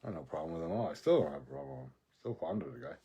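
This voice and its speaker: A man's voice: deep voice, wildly swooping pitch, racing, creaky, mellow, breathy edge. A man telling a rambling personal story in a casual monologue, profane and laughing often. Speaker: vlogger.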